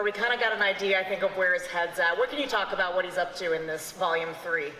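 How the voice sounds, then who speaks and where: A woman's voice: on the low side, fast, background noise. A woman moderating a convention panel in an upbeat, gushing way. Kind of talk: stage interviewing. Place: large convention hall stage. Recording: echoey hall with long reverb.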